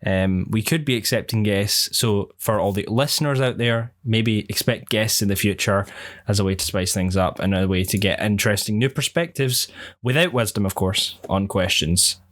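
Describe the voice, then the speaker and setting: Young male co-host with a slightly low voice who talks at length in an earnest, rambling way. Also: normal speed, a bit bright. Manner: long-winded, earnest opinions. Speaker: podcast co-host. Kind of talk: casual podcast chat.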